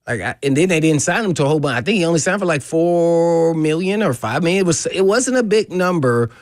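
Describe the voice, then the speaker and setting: A male sports radio co-host in casual studio talk, loose and quick with laughs and asides. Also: fairly high pitch, lively intonation, dry recording.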